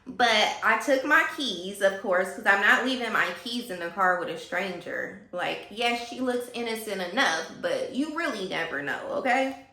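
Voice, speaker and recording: A woman telling a story in a casual vlog, animated and gossipy, talking straight to her viewers. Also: medium pitch, moderate pace, echoey room.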